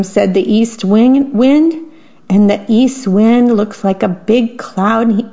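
A woman volunteer broadcaster reading children's bedtime stories aloud, gently, stopping to describe the pictures. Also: on the high side, gravelly. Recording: dull lo-fi radio broadcast.

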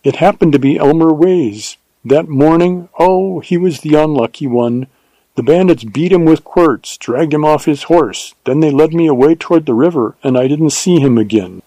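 A man's voice: on the high side, normal speed, dark tone, no room sound, voice pushed up, rough recording. A man voicing a proud, spirited young woman with an imperious, teasing manner in a read-aloud western story.

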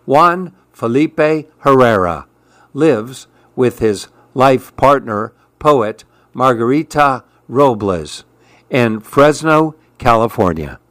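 Male storybook reader, unhurried, plain middle voice. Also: medium pitch, expressive, a bit bright, no room sound. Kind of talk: read-aloud children's story.

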